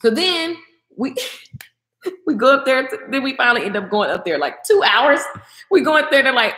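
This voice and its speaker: Speaking at a moderate pace with long pauses, a young adult woman hosts a casual livestream and responds to comments from viewers. She's animated and her voice rises high when excited, and the sound is roomy.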